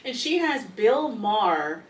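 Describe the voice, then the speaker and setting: A woman, a podcast guest, telling animated stories and acting out the people in them. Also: medium pitch, slow pace. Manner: lively, acts out quotes, laughs often. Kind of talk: animated storytelling in conversation. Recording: echoey room, mic at a distance, faint noise.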